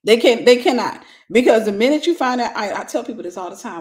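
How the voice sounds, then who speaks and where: A middle-aged woman giving a lively, conversational sermon, acting out little scenes and laughing as she teaches. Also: on the high side, quick pace. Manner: animated, acts out gossip with voices, laughs. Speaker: Christian teacher.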